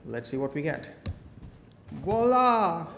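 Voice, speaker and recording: Man doing a live coding talk, joking and lively, in a large reverberant hall. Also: medium pitch, normal speed. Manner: playful, joking asides. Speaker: conference speaker. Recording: echoey hall, faint noise.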